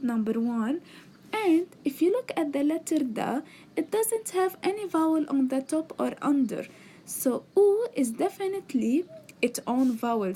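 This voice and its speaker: Recorded through a tablet mic, this woman's voice sits high but carries a dark tone. She leads a beginners' alphabet lesson slowly and patiently, sounding out letters and words and walking through every step.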